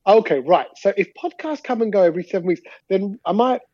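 A man hosting a podcast, teasing and animated, restarting his sentences in casual banter. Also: sits high, a little fast, dry recording, dull audio. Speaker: podcast host.

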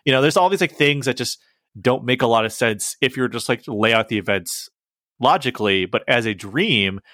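A man's voice: mid-range voice, animated, brisk, a bit bright, dry recording. A young man in casual chat, recapping a cartoon with many fillers and laughs. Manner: rambling, filler-heavy, laughs while telling.

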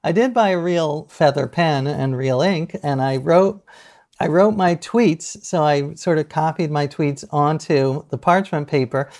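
Animated storytelling middle-aged man. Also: on the high side, unhurried. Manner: animated storyteller, laughs often, acts out quotes. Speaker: guest author. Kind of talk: casual podcast interview.

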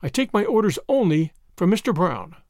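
Brief: man doing a cold, scornful schemer lady in a storybook reading, high and lilting, dry sound. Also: moderate pace, vocal fry, no room sound, full character voice. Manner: calm, mocking, coolly superior. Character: cool, scornful, scheming society woman.

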